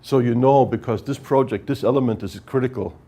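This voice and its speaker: A man's voice: mid-range voice, fairly quick, dark tone, slightly rough. A man giving a workshop lecture on project management, explaining step by step and often checking with "right?". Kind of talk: technical lecture at whiteboard.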